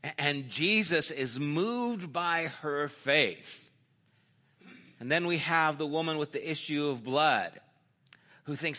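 Bright, unhurried male preacher. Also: on the high side, animated. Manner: storytelling, acts out quoted lines in a dropped, softer voice; conversational, with small restarts. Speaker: pastor. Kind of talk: sermon.

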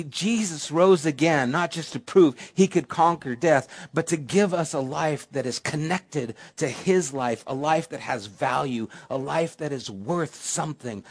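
A man preaching a sermon, dropping to a soft hush and then rising to emphatic, storytelling moments. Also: a little high. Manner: preacherly, swinging from hushed to emphatic. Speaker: pastor.

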